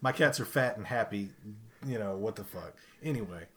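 A man casually telling a profane, animated story in a chat, laughing along as he goes. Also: fairly low pitch, normal speed, heavy background noise.

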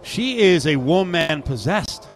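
A man's voice: a little high, sing-song, slow, faint music behind. A man hosting a casual sports radio show from a sportsbook, chatting, joking and reading live ads. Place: sportsbook broadcast booth.

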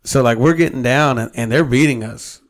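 Male podcast co-host, mid-pitched, loose and profane storyteller. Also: brisk. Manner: storytelling, heavy swearing, quotes himself. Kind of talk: casual chat.

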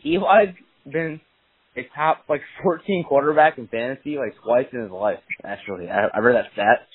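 A man chatting casually about fantasy football, an excitable storyteller who swears a lot and acts out quotes. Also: mid-range voice, moderate pace, slightly rough. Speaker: podcast co-host. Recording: dry, tinny phone-line sound.

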